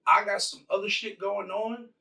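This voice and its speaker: A man's voice: high-pitched, fairly even intonation, normal speed, creaky, pushed and bright, reverberant, far from the mic, pitched above the performer's own voice, full character voice. A man voicing a tough woman soldier who talks bluntly, with swearing, and brushes people off. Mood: impatient. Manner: blunt, profane, dismissive.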